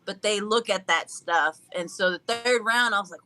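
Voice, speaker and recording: A woman's voice: mid-range voice, normal speed, pushed and bright. A young woman talking casually as an interview guest, upbeat and goofy, often laughing as she tells her story. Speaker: guest fighter.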